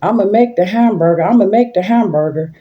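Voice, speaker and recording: A woman's voice: medium pitch, fairly quick, highs cut off, pitched above the performer's own voice, natural voice. A woman putting on the voice of her small granddaughter, eager and insistent. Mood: pleading. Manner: pleading, insistent. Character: eager little girl, a granddaughter, pleading.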